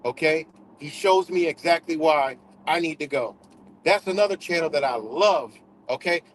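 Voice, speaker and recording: A man's voice: fairly high pitch, moderate pace, slight background noise, rough recording. A man hosting a livestream in a casual, profane rant, repeating himself for emphasis. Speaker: livestream host.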